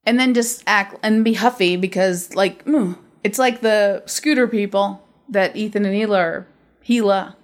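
Woman podcaster ranting, swears a lot, chatty and blunt, normal pitch. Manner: blunt, profane ranting storyteller. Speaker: podcast host. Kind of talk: casual chat.

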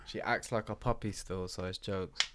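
A young man tells a rambling story, his voice sitting a bit low. He talks in loose, casual chat, full of slang and filler words. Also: steady tone, moderate pace, a bit bright, a little hiss or hum.

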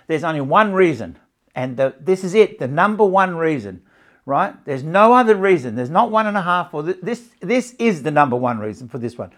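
Speaking at a moderate pace, a man teaches stress relief and sleep live to a small audience and a camera. His voice is a little high for a man, with big pitch swings. He keeps repeating points and checking whether everyone follows him.

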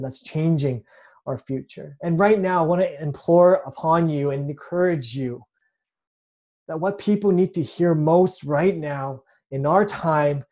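Earnest man preaching, dark mellow voice. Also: a little high. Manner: earnest, repeats words when restarting. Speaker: pastor. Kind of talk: sermon.

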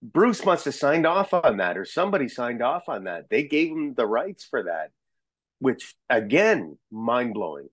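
A man chatting as a podcast guest, an excitable storyteller who rambles and restarts his sentences. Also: mid-range voice, unhurried, no room sound. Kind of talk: casual chat.

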